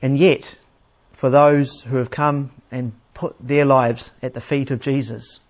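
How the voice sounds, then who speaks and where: Unhurried male preacher, slightly muffled. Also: mid-range voice, fairly even intonation. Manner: plain, unhurried teaching with rhetorical questions. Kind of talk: sermon. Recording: slightly dull, lo-fi sound.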